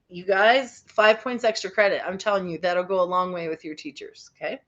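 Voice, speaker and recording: A woman's voice: lowish voice, fairly even intonation, fairly quick, hardly any pauses, fairly bright tone. Encouraging woman teacher on a call. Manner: upbeat and encouraging, often checking in with the group. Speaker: teacher leading a teen workshop. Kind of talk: interactive online lesson. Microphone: video call. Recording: slightly dull online call audio.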